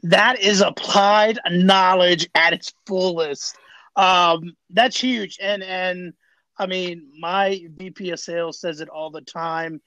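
A man's voice: high-pitched, steady tone, takes it slowly, sharp tone, dry recording, low-quality recording. A man hosting a sales podcast, affirming his guest and asking conversational follow-up questions. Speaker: podcast host. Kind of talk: interview questions.

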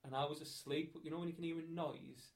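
A man's voice: fairly high pitch, fairly even intonation, quick pace, a crowd in the background. Man telling crude stories, laughing. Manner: crude, laughing anecdote teller. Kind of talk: casual storytelling chat.

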